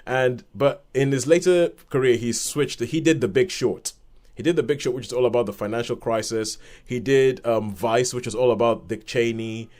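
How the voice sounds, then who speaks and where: A man co-hosting a podcast, reviewing a film in casual chat and retelling scenes with lively quoted voices. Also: mid-range voice, moderate pace. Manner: animated retelling with acted-out quotes and laughs.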